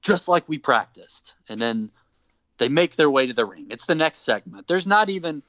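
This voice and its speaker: A man on a podcast, casually retelling a story with animated, acted-out quotes. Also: fairly high pitch, normal speed, dry recording. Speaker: podcast co-host. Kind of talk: casual chat, recapping wrestling. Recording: dull dry close mic.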